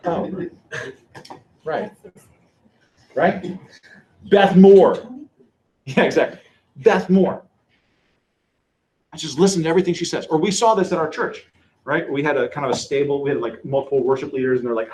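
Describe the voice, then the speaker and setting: A man giving a church teaching lecture in a conversational, animated way, acting out the quotes he tells. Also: fairly high pitch, moderate pace, pauses often. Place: lecture room with a live audience. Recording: echoey room.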